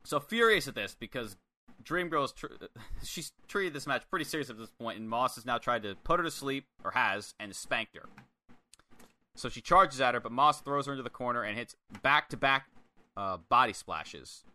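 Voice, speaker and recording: A man co-hosting a podcast, chatting casually about a wrestling match, animated and swearing freely as he acts out what people said. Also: medium pitch, moderate pace. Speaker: podcast co-host. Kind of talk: casual wrestling review chat.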